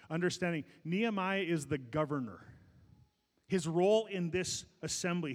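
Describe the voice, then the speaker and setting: A middle-aged male pastor preaching a sermon, swinging between loud peaks and quiet asides, with many restarts. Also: on the high side. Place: large church sanctuary. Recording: long hall reverb.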